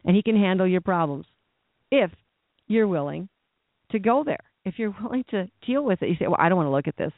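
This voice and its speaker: A man's voice: high-pitched, animated, a little fast, no echo. A man preaching a sermon in a blunt, impassioned, exhorting way. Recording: tinny phone-like dry sound.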